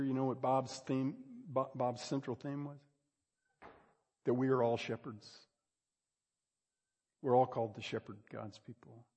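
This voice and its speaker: A pastor preaching a sermon, moving between quiet asides and loud, drawn-out emphasis. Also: male voice, mid-range voice, vocal fry, slightly rough, in a large hall. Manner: dynamic preaching, swings from hushed to loud emphasis.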